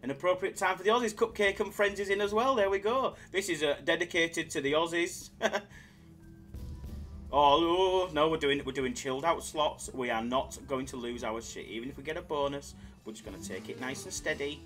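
A man's voice: a little high, moderate pace, fairly bright tone, soft background music. A man hosting a casual live stream, bantering with chat in a laid-back way.

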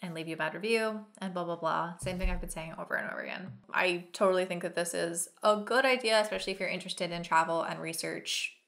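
A woman's voice: lowish voice, fast, gravelly, hardly any pauses, fairly bright tone. A freelance copywriter, a woman, gives casual, blunt reaction commentary and hammers her points home by repeating them.

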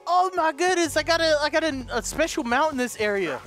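A man giving excitable let's play commentary, with loud outbursts and giggly laughter. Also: very high-pitched, a little fast, soft background music. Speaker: gaming YouTuber.

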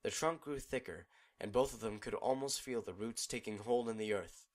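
A man narrating a fan fiction audiobook in a steady, measured storytelling manner. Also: lowish voice.

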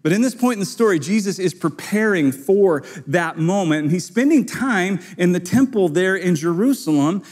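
A man, a pastor, preaching a sermon in a conversational way and playing out the people in his story with quick voices. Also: expressive, a little mellow. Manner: conversational, acts out quoted voices with sudden high pitch jumps.

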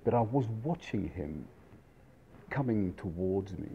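A man's voice: deep voice, animated, measured pace, vocal fry, husky, muffled recording. A middle-aged man casually telling a rambling anecdote with many fillers and restarts. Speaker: storyteller, restaurant industry veteran.

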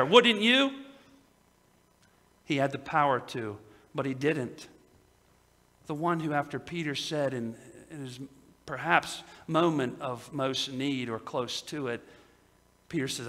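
A male pastor preaching a sermon, swinging between loud emphatic peaks and quiet low asides. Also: unhurried, in a large hall. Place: church sanctuary.

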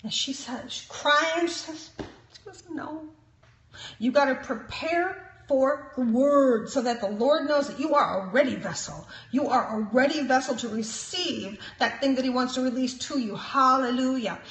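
A woman who is a prophet and minister gives an emphatic, sermon-style teaching, often saying "praise God" and chuckling. Her high-pitched, slightly bright voice moves at normal speed with few pauses, in a roomy, echoing space.

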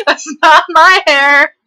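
High, bright-voiced hyper woman gamer. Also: takes it slowly, rough recording. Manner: hyper, chatty, laughs often; slips into a country twang at times. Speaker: gameplay video host. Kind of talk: casual chat while playing.

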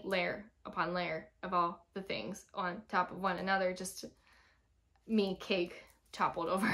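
A woman in her thirties, a former teacher, talking candidly and chattily in a personal vlog, telling stories frankly and with feeling. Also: medium pitch. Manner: frank and emotional.

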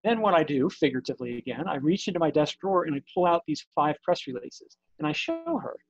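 A man's voice: fairly high pitch, big pitch swings, fast, vocal fry, breathy edge, no echo, highs cut off. A middle-aged man, an executive, answering an interview question and acting out an imagined dialogue over a video call. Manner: acts out an imagined dialogue in shifting voices. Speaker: technology company executive.

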